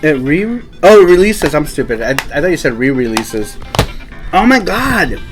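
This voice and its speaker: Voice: mid-range voice, big pitch swings, moderate pace, faint music behind, poor audio. A live-stream host chatting casually with a co-host, teasing and joking while hopping between topics.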